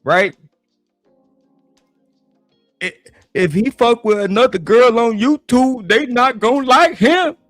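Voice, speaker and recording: A man hosting a livestream, ranting in a heated, profane, animated way. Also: extremely high pitch, slow pace, pauses often, no room sound, faint music behind. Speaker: livestream host. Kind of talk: livestream reaction rant.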